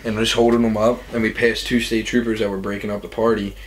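A man's voice: on the low side, little pitch movement, quick pace, slight background noise, low-quality recording. A young man casually telling rambling party stories, full of "like" and acted-out quotes. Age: young adult. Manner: rambling, says "like" a lot, acts out quotes. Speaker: storytelling guest.

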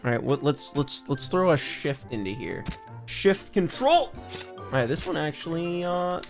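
This young gaming YouTuber has a fairly high, sing-song voice and an unhurried pace, with faint music behind him. Recording from his home office, he rambles goofily through let's-play commentary, cracking self-aware jokes and frequently stumbling into restarts.

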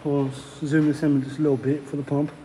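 A young man hyping up a workout and running the video, loud and swearing casually. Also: a little high, little pitch movement, a little fast. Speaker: vlogger. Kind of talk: gym hype shouting. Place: gym at night. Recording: echoey gym hall with noise.

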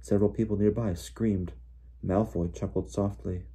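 A man reading a novel aloud in steady storybook narration. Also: lowish voice, normal speed, husky. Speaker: audiobook reader.

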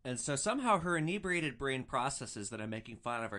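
A man's voice: medium pitch, very animated, brisk, few pauses, sharp tone. A young man hosting a podcast, telling stories casually, with a profane, wry streak. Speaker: podcast host. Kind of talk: casual storytelling.

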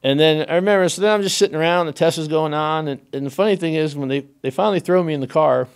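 A man guesting on a podcast as a race car driver, telling stories in an animated, rambling way with many fillers and restarts. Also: fairly high pitch, fast talker, clean tone. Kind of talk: casual storytelling in a podcast interview.

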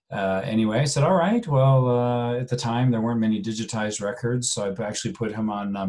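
Man, genealogy instructor, recorded lecture, lowish voice, halting, lots of fillers. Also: darkish tone. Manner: halting, many fillers and restarts, conversational.

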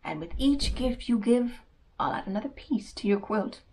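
A woman voicing a kind, patient quilt maker in a children's storybook reading, speaking calmly and firmly. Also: on the high side, normal speed, a little hiss or hum.

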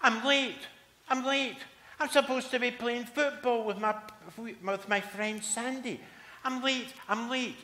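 A man voicing a panicky little Scottish boy who shouts for his mum because he is late for football, in a Scottish accent. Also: very high voice, steady tone, slow pace, reverberant, voice pushed up, heavily acted. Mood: frantic.

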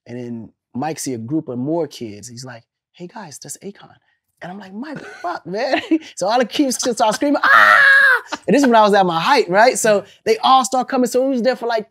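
A man in his forties, an interview guest telling animated stories, laughing and swearing casually. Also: high voice.

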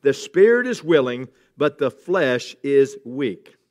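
A man's voice: mid-range voice, sing-song, slow, darkish tone. A middle-aged man, a pastor, giving a sermon in a conversational way, with humorous asides and emphatic exclamations.

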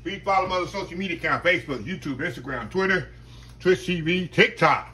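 A man hosting a casual home cooking video, folksy and chatty, talking to viewers as "y'all" and dropping to a low murmur while he tastes. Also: fast, bright, forceful tone. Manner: folksy, keeps saying "y'all". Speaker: cooking channel host.

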